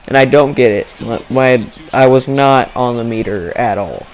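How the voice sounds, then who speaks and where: A man's voice: medium pitch, moderate pace, low-quality recording. A young man giving casual, playful commentary over his own gameplay, acting out his thoughts in mock-dramatic asides.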